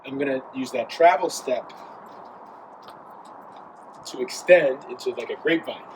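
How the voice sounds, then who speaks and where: A man teaching a dance step, explaining the moves and counting beats as he demonstrates them. His voice sits at an ordinary middle pitch. A clear layer of noise runs under the recording. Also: a little slow. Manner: counts steps aloud while dancing. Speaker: dance instructor. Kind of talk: dance tutorial while demonstrating.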